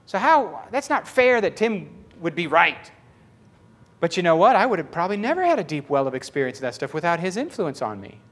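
Male preacher, high voice, very animated delivery, tells stories and acts out the dialogue. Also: brisk. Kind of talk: storytelling sermon.

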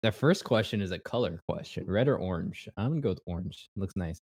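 Young male co-host, low-ish voice, rambling casual chat, dry mic. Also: animated, brisk, darkish tone, breathy edge, no room sound. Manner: rambling, restarts, laughs often. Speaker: podcast co-host.

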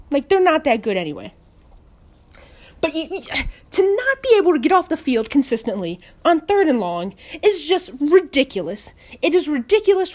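Woman fan, furious sports rant, high voice that leaps around, heavy swearing. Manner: swears heavily, exasperated, repeats words. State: upset. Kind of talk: angry post-game rant.

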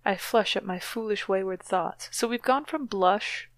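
A woman's voice: medium pitch, measured pace, no echo. A woman co-hosting a podcast, reading a novel aloud dramatically and breaking off for wry, mocking asides. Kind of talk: dramatic reading with sardonic commentary.

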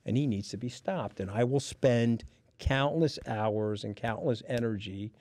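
A man's voice: mid-range voice, measured pace, darkish tone, no echo. Blunt, swearing New York man. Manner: blunt, combative, swears freely. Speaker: podcast guest. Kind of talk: profane storytelling in casual chat.

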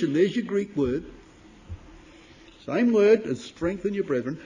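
High-voiced male preacher, emphatic declamation with quiet drops, reads King James scripture. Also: animated, measured pace, muffled recording. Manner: emphatic, rising to loud declamation then dropping low; addresses listeners as brothers and sisters. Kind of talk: sermon.

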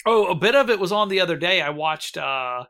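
A man's voice: sits high, animated, brisk, sharp tone. A man hosting a casual podcast chat, rambling with lots of ums, laughing and swearing as he runs a bracket vote.

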